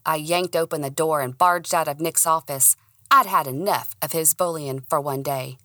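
Woman reading a first person audiobook, expressive, lowish voice but bright and sharp, dry close sound. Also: moderate pace, no room sound. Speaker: audiobook narrator.

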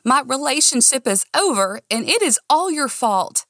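A woman reading the part of a drunk, heartbroken young Southern woman who lashes out in a shrill voice. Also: animated, measured pace, fairly bright tone, no room sound, clean studio sound. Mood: drunk, furious. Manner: shrill, lashing out.

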